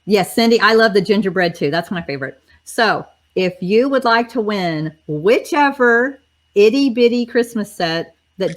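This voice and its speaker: A woman hosts a livestream on a video call. She chats with viewers in an upbeat way, and her voice cracks and tires. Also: mid-range voice. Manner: chatty, upbeat, talks to viewers directly. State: voice cracking and tiring. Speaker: host. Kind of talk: casual livestream chat.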